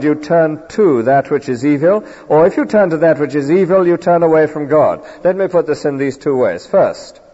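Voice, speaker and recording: A man delivers an emphatic sermon with a lively, rising and falling pitch and a mellow, husky tone. His voice rings with long reverb through a church, captured on a dull lo-fi recording. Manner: earnest, emphatic expository preaching. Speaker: preacher.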